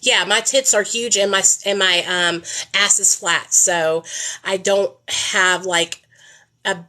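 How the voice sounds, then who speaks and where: A woman's voice: mid-range voice, steady tone, takes it slowly, pushed and bright. A woman live-streaming, chatting casually and bluntly with plenty of swearing while she shops.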